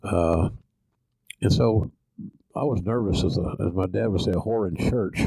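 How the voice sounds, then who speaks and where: Older man, Oklahoma drawl, folksy salty storytelling, low pitch, dry recording. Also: moderate pace, vocal fry, dark tone, husky, no echo, rough recording. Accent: Southern US, Oklahoma. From Oklahoma, USA. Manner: folksy, salty, self-deprecating. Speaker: podcast host. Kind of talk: casual storytelling.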